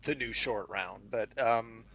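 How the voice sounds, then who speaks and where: A man co-hosting a casual livestream, commenting on a film in a measured way with hesitations. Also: fairly low pitch, vocal fry, fairly bright tone, no room sound. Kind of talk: casual movie-talk livestream.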